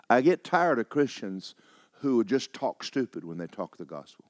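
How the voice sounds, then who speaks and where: A man's voice: mid-range voice, big pitch swings, normal speed, darkish tone, no room sound, studio quality. A man preaching a sermon as pastor, telling a story with emphatic, rising delivery.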